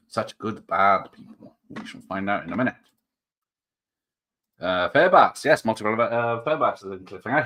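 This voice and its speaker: A man's voice: lowish voice, fairly bright tone. A man hosting a live stream and chatting casually, rambling and reading out viewer comments.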